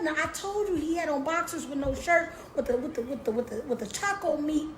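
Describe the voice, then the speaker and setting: A woman's voice: mid-range voice, expressive, brisk, hardly any pauses, slight background noise. A young woman telling a storytime to her viewers in a casual, slangy, profane way, often repeating herself. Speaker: storytime vlogger. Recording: roomy echo with faint music.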